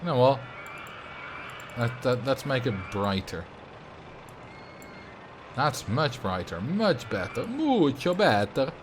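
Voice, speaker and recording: A man's voice: mid-range voice, big pitch swings, slow pace, long pauses, background noise. A man streaming a game live, chatting casually and rambling as he answers his chat. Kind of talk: casual live gameplay commentary. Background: faint game music.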